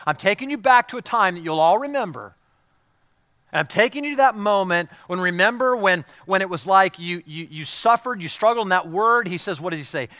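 High, bright-voiced male preacher. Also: no echo. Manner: passionate, repeats words, swings from loud to hushed. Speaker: pastor. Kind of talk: sermon.

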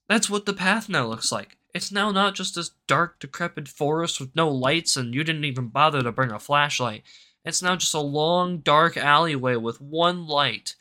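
Bright and forceful, this young man's fairly high voice moves at a moderate pace. About 18 and hosting his own commentary show alone, he goes on profane, rambling rants that drift onto tangents.

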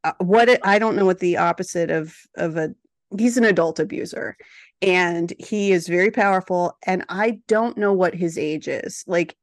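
A woman's voice: fairly low pitch, dry recording. Playful lady host chatting, laughs a lot, dry close mic. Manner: playful, quick, laughs often. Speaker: podcast host. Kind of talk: casual chat.

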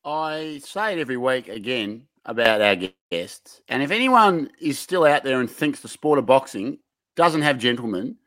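A man co-hosting a podcast in casual chat, excitable and hype-building, swearing freely. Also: medium pitch, moderate pace, dry recording. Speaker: podcast co-host.

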